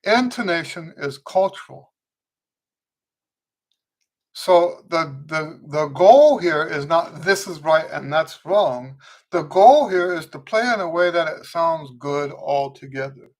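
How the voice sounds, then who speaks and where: A man hosting a live trumpet Q&A, answering viewers' questions in a relaxed, conversational way, often restarting and checking in with "okay?". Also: a little high, a little slow. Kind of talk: casual livestream teaching, answering viewer questions.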